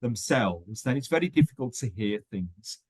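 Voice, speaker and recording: A man's voice: fairly low pitch, lively intonation, moderate pace, breathy edge, dry recording. Man explaining in a dry, close sound. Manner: explanatory, with frequent ums and restarts. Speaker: teacher trainer. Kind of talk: webinar teaching on pronunciation.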